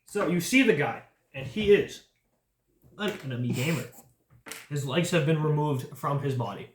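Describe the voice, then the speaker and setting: A young man with a fairly high, lively voice runs a tabletop game, loose and joking, often breaking into laughter. The room is echoey, with a faint hiss behind him. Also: moderate pace. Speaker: game master. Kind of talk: casual tabletop game narration.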